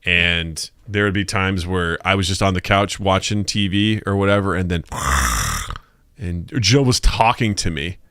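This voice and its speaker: A man in his thirties co-hosting a podcast, telling stories with lots of laughs and acting out quotes in a high, lively voice. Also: measured pace, clear, resonant tone, no room sound, studio quality. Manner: animated storyteller, acts out quotes in a high voice; laughs often. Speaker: podcast co-host. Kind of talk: casual podcast chat. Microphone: podcast mic.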